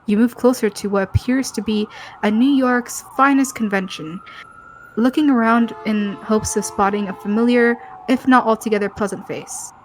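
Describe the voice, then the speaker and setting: A woman's voice: a little high, steady tone, moderate pace, slight background noise. A woman co-host reading a story game's narration aloud, stumbling over words and laughing often.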